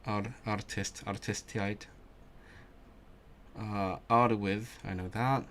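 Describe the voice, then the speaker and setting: A man's voice: fairly even intonation, a bit bright, slight background noise. A man on a study stream, thinking aloud and repeating vocabulary to himself with frequent restarts. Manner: repeats words slowly, muttering to himself as he drills vocabulary; self-talk with restarts, low-key. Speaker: language learner streamer.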